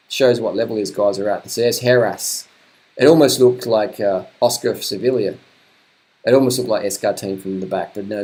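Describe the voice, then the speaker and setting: A man's voice: medium pitch, a little mellow. A middle-aged man, commentating old race footage in a blunt, sweary, chatty way, often laughing.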